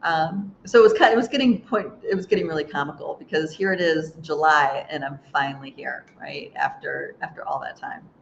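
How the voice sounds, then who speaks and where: A woman's voice: deep voice, brisk, hardly any pauses. A woman hosting a live spiritual chat, reading viewer comments aloud and rambling through a story with frequent laughs and restarts. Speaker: host. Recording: dull lo-fi sound with faint hiss.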